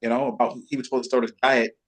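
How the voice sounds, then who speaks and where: A man's voice: medium pitch, racing. Middle-aged guy telling stories casually, acts out other people's voices. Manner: animated storyteller, does voices of others. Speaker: guest bodybuilder. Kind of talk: casual storytelling.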